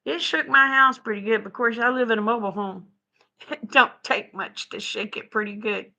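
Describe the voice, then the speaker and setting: Bright-voiced woman chatting with viewers. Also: a little high, normal speed, gravelly, highs cut off. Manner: folksy, chatty, laughs easily. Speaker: live stream host. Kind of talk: casual chat with viewers. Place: home, indoors.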